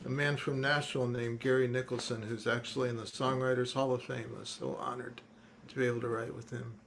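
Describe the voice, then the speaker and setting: A man, a singer-songwriter guest, chatting in a relaxed way before he sings his song, outdoors in a front yard. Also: mid-range voice, gravelly, a little hiss or hum. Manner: slow, relaxed, unhurried talk. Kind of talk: casual chat before singing a song.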